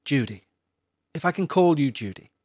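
A man playing a sceptical priest who speaks in a calm, sarcastic, condescending way. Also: a little high, normal speed, dry recording, studio quality. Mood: soothing. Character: sceptical, patronizing middle-aged male priest.

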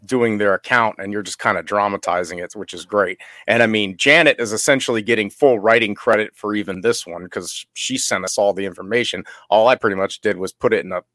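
A man with a lowish voice talks about writing his audio drama podcast. He rambles casually and laughs often. The sound is dry and close. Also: brisk, hardly any pauses, bright, forceful tone, dry recording. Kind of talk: casual chat on a remote call.

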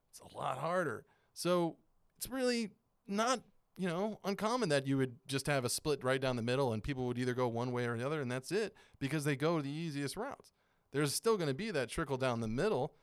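A man talking as a podcast guest, telling rambling, animated stories and laughing often. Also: mid-range voice, brisk, clear, resonant tone, no room sound, clean studio sound. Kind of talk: casual chat.

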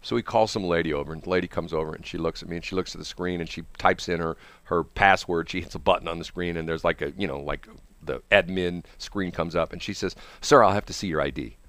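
Talking fast in a low voice, this male radio host spins a story in a loose, lively way. He laughs a lot and performs other people's lines. The audio has no echo.

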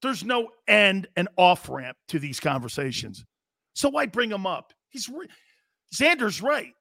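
A man with a high, bright, pushing voice holds forth as a sports talk host. He is blunt and profane, hammering the same points over and over. The sound is close and dry, with no room around it. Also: big pitch swings, unhurried, gravelly, dry recording. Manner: blunt, profane, repetitive and heated. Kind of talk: opinionated live sports talk rant.

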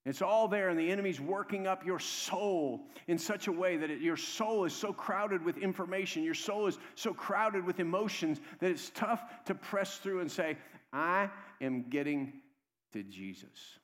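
High-voiced pastor preaching in a reverberant hall. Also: male voice, normal speed, few pauses. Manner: swings between hushed low stretches and loud, raised exhortation; conversational, calls out "come on" to the congregation. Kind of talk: sermon. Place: church sanctuary.

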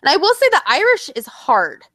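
A woman in casual chat, animated and blunt, swearing freely. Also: sits high, moderate pace, dry recording, studio quality.

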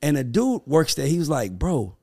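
Gravelly man hosting a podcast chat. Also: fairly high pitch, very animated, a little fast, a little mellow, no room sound, clean studio sound. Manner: eager, interjecting, finishing the guest's sentences. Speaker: podcast host.

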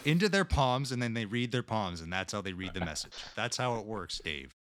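A man with a low voice and lively, rising-and-falling pitch chats about a film he loves. He teases his co-hosts and laughs along. The recording is close and dry. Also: brisk, dry recording. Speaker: podcast co-host. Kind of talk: casual movie-review banter.

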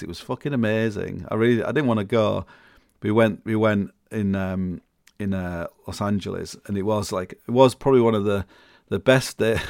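A man's voice: lowish voice, creaky, a little mellow, no echo, studio quality. A middle-aged man rambling casually as a podcast host, full of restarts and fillers, chuckling now and then.

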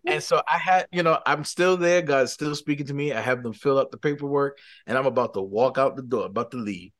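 A man, a podcast guest telling a faith story in a lively way, acting out quotes and laughing. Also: mid-range voice, brisk. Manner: animated, acts out quotes, laughs. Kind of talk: storytelling testimony.

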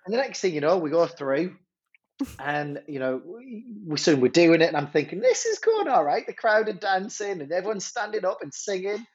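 Husky animated man. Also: fairly high pitch, moderate pace, muffled recording. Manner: animated, self-interrupting storyteller with frequent repeats. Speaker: head teacher. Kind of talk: storytelling in a podcast interview.

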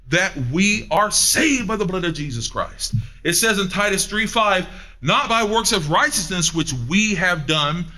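Lively, bright-voiced male preacher. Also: sits high. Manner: emphatic, with big swings from loud to hushed; asks the audience questions. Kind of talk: sermon.

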